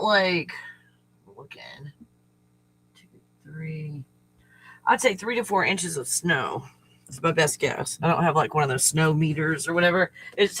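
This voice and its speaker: A man's voice: on the high side, pushed and bright, slightly rough, rough recording. A man hosting a casual live stream, rambling through stories, laughing often, swearing freely and greeting viewers by name.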